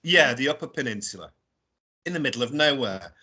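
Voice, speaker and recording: A British man, a guest explorer, telling a story casually and in an animated way, often adding tag questions and laughing as he talks. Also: medium pitch, brisk. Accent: British English. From England. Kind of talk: casual storytelling on a radio show.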